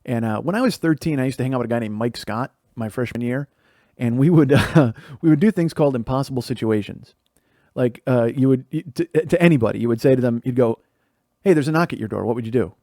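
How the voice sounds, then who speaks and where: A man's voice: mid-range voice, quick pace, mellow, no echo, studio quality. A middle-aged man from the Chicago area, hosting a podcast and telling profane stories about his childhood, laughing as he goes. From Chicago area, USA. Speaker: podcast host. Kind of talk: storytelling monologue.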